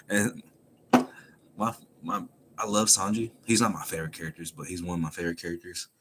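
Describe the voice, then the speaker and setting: A man with a low voice recaps a comic chapter in a loose, casual way. He is animated and laughs often as he tells the story. A faint hum of ambience sits behind him. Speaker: manga chapter reviewer.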